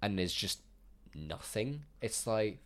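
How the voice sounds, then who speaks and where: Lower-voiced man venting about a film. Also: slow pace, a crowd in the background. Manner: animated, swearing, acts out mock quotes. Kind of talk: casual film review chat.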